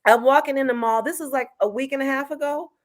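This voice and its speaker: Woman, casual chat, lively storyteller, fairly high voice. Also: quick pace. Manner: animated storyteller, acts out quotes.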